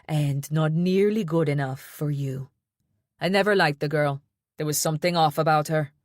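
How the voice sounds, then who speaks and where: Woman voicing a Jamaican grandmother, older, strong accent, low voice, firm, storybook reading. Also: normal speed, no room sound, clean studio sound, close to an everyday voice. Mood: disapproving. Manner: strong, firm, disapproving of the girl.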